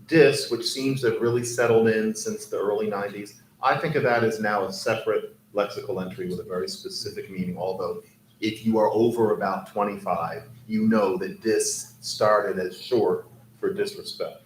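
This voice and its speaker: A man with a lowish voice speaks on a discussion panel as a linguist, lively and exact in his academic phrasing. The sound is roomy, as from a hall, with a faint hum of noise behind him. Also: normal speed. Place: event hall.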